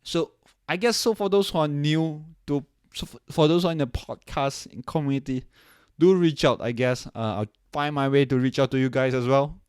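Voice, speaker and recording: A man's voice: a little high, normal speed, darkish tone, smooth, no room sound, clean studio sound. A young man from Singapore hosting his podcast solo, talking casually and rambling with many restarts and "right?" tags. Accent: non-standard, hard to place; he says it doesn't sound Singaporean. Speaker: podcast host.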